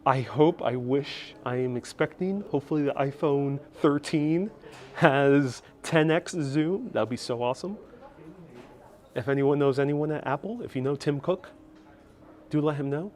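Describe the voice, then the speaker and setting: A man's voice: fairly high pitch, a little slow, darkish tone. A man giving a chatty live-stream tour from a skyscraper observation deck, reading out viewer comments as he goes. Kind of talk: casual live-stream narration. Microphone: wireless clip-on mic with phone on gimbal.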